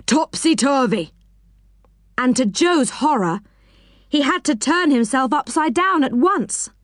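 A woman reading a children's storybook aloud, expressive and dropping her voice for each speech tag. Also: sits high, a little slow, dry recording, clean studio sound.

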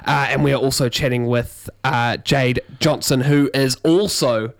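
A man's voice: medium pitch, fairly even intonation, measured pace, vocal fry. A man co-hosting a radio drive show, easygoing and agreeable in casual banter. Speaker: radio co-host.

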